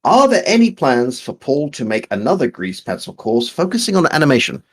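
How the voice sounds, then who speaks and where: A man's voice: medium pitch, big pitch swings, fairly quick. A man co-hosting a casual live stream, reading out viewer questions and joking as he rambles over a call.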